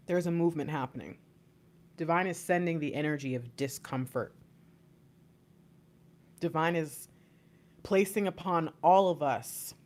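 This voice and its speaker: A young woman giving a live intuitive tarot reading into a plugged-in microphone, excitable and often repeating herself. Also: low voice. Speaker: tarot reader.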